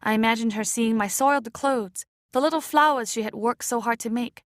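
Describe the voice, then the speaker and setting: A woman reading an audiobook chapter aloud in a measured, expressive way. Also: fairly high pitch, no room sound, clean studio sound. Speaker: audiobook reader. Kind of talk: scripted narration.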